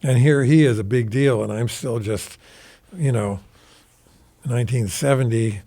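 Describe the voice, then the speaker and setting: A man in his seventies, a guest guitarist recounting stories in a recording studio, animated and rambling, with casual swearing. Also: mid-range voice, unhurried. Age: 70s. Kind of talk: casual anecdotal storytelling.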